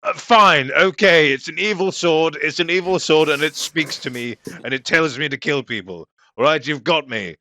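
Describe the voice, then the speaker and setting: A man's voice: fairly high pitch, normal speed, few pauses, bright, forceful tone. A man playing a tabletop role-playing game, joking and defensive in character, and laughing often. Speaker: tabletop player.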